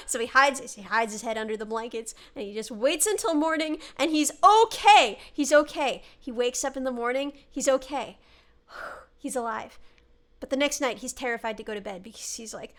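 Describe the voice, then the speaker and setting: A woman's voice: fairly high pitch, normal speed, fairly bright tone. A young woman streamer, sick, chatting and telling a ghost story with a giggly, dramatic manner. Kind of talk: casual chat and storytelling.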